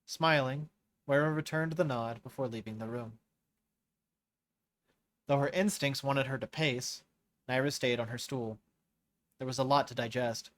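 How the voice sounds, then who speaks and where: A man hosting a live reading of a novel, narrating in a measured way and rereading lines he stumbles on. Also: mid-range voice, steady tone. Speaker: host reading a novel aloud. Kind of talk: scripted narration read aloud live.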